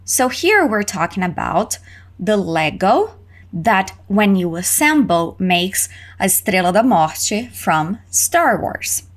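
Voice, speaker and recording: Slow, lively woman teaching English phrases. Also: medium pitch. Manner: lively, exaggerated intonation for learners to repeat. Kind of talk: slow, clear repetition drills.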